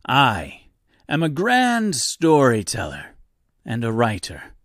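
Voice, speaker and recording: A man's voice: medium pitch, huge pitch swings, slow pace, a bit bright, dry recording, studio quality, heavily acted. A man voicing a boastful, lonely male storyteller who plays host with grand, theatrical airs, for an audiobook reading.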